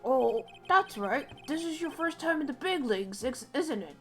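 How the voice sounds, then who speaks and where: A woman's voice: high-pitched, lively intonation, moderate pace, faint music behind. A woman voicing a pompous, fussy older male defense lawyer who talks down to his junior in an old-fashioned way. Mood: patronizing.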